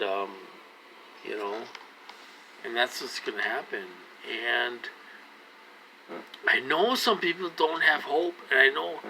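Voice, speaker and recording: A man's voice: mid-range voice, pushed and bright, slight background noise, poor audio. A man in his forties talking straight to his viewers, earnest and pleading, circling back to the same points over and over. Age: 40s. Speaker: vlogger. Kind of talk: casual direct-to-camera talk.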